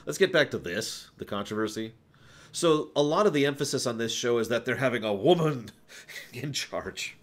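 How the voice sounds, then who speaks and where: A man's voice: medium pitch, lively intonation, normal speed. A man hosting a casual livestream, talking through his opinions in a rambling way, with restarts and sighs. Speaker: streamer host.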